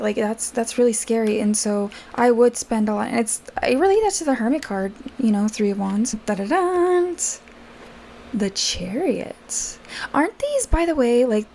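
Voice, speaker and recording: A woman reads tarot cards in a loose, chatty way, talking straight to her viewers. Her voice is gravelly and mellow, sitting a little high for a woman. Faint room sound hums behind her. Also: slight background noise. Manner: chatty, addresses viewers directly, frequent fillers. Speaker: tarot reader. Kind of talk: casual tarot reading for viewers.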